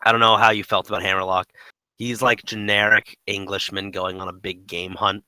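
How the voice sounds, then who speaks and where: A man's voice: on the low side, level tone, brisk, sharp tone, clear, resonant tone, dry recording, rough recording. A man co-hosting a casual gaming podcast, rambling with lots of "like" and "um". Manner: rambling, full of "like" and "um". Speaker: podcast co-host.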